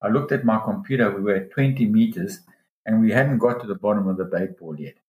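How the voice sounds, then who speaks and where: A man with a fairly low voice tells a long diving story in a relaxed interview. He gets animated and jumps up in pitch when he quotes other people. The room has a noticeable echo. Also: a little fast, phone-quality sound. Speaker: dive guide telling a story. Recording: roomy echo.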